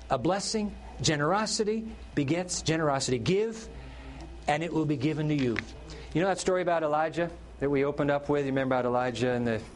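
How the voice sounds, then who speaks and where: A middle-aged man preaching a sermon. His voice sits a little high for a man. He tells the story with animated delivery and briefly acts out the people in it. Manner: animated storytelling, acting out characters' lines. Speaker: pastor.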